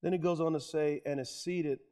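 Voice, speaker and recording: A middle-aged male pastor preaching a sermon, telling stories and building to shouted climaxes. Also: on the high side, fairly even intonation, fairly quick, clean tone. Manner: preaching with rising, shouted peaks.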